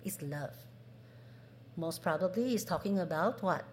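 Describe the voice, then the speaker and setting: A woman's voice: lowish voice, animated, measured pace, a little mellow. A woman preaching a sermon, asking the congregation questions and acting out what people say. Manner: asks the congregation questions, acts out quoted voices.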